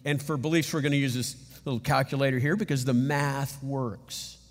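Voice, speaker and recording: A middle-aged man preaching a sermon as pastor, telling stories in an animated, emphatic way. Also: mid-range voice, normal speed, big-room sound.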